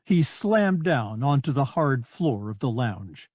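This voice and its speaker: Lively, slow-paced male audiobook narrator. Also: medium pitch, no echo, highs cut off. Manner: expressive, vivid storytelling. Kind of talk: scripted narration.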